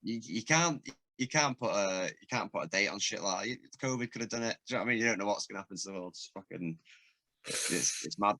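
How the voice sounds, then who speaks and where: An English rapper and producer appears as a guest on a casual podcast, his lowish voice bright, forceful, expressive and quick. He rambles through stories, swearing heavily and laughing often.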